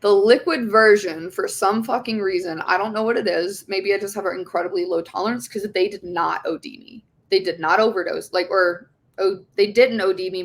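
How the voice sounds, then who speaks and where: A young woman, an interview guest, telling her own story in a rambling, emotional way, with frequent swearing and restarts. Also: fairly low pitch. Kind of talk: candid personal testimony.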